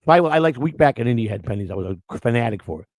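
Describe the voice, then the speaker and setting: A man co-hosting a morning show, telling stories in loud, outspoken casual chat. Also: medium pitch, rapid-fire, no room sound. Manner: loud, outspoken, animated storyteller.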